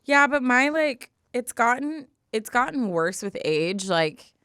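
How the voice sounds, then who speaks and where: A young woman co-hosting a podcast, telling stories in an emotional, animated way during a casual chat. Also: a little high, unhurried, clear, resonant tone, no room sound, clean studio sound. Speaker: podcast co-host.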